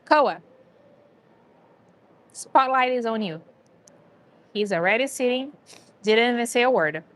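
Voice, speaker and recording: A woman's voice: on the high side, lively intonation, takes it slowly, a bit bright. A woman hosting a casual livestream, chatting to viewers and a dog and laughing often. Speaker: livestream host.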